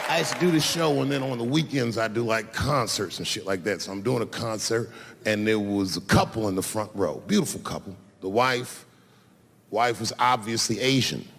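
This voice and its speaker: A man doing stand-up, telling a profane story in an animated way and putting on voices for the people in it. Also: medium pitch, moderate pace, gravelly, slight background noise. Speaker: stand-up comedian. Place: large theater stage before a live audience. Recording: reverberant hall with loud crowd laughter. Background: audience laughter.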